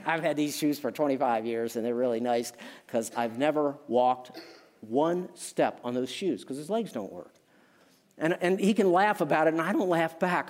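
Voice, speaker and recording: Man preaching a lively sermon. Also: on the high side. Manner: emphatic preaching with personal stories, frequent asides and self-deprecating jokes. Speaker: pastor.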